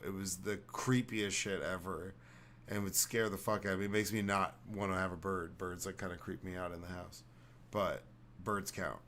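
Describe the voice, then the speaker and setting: A man's voice: deep voice, level tone, moderate pace, a bit bright, a little hiss or hum. A man hosting a casual podcast, telling rambling stories full of swearing. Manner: rambling, profane, storytelling. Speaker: podcast host.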